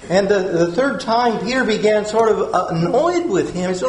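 High-voiced preacher in an echoey church. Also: male voice, expressive, fairly quick, hardly any pauses, slight background noise. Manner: earnest, repeats key phrases, asks the listeners questions. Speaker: pastor. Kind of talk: sermon. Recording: roomy echo.

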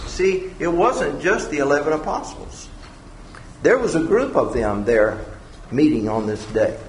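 A man's voice: fairly high pitch, unhurried, a little hiss or hum. Man teaching the Bible in an echoey room. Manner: conversational, with lively retelling.

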